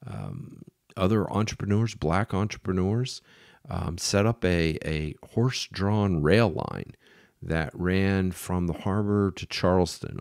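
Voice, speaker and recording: Middle-aged guy, low gravelly voice, slow halting storytelling w lots of ums, dry sound. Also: a little mellow, no room sound. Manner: unhurried, halting with many fillers and restarts. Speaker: podcast host. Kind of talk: storytelling history talk.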